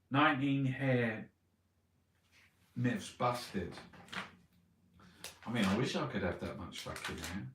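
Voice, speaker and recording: A man's voice: lowish voice, very slow, pauses often, fairly bright tone, far from the mic. A man reading newspaper headlines aloud and ranting about them in a sweary, mocking way. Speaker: vlogger reviewing newspapers. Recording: roomy echo, voice set back from the mic.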